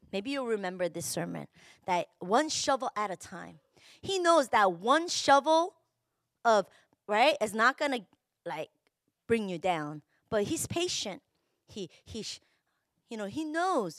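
A middle-aged woman pastor preaching a sermon, emotional and confessional, rising to shouts at her peaks. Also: mid-range voice, no echo, studio quality.

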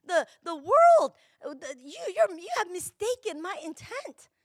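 A woman pastor voicing God as gentle and patient, speaking in a soft, hushed, reassuring way. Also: very high voice, sing-song, a little slow, dry recording, clean studio sound, heavily acted. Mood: tender.

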